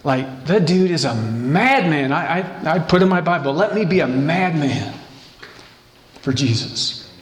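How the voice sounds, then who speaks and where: A man preaching a sermon as pastor, passionate and animated, acting out quoted lines playfully. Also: fairly high pitch, takes it slowly, pauses often, a little hiss or hum. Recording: echoey room.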